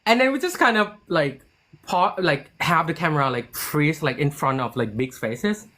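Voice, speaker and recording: A man, a series writer and producer, tells a story in a relaxed interview. His pitch rises and falls widely as he acts out the dialogue he quotes. His speech is loose and chatty, full of restarts and "like". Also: moderate pace.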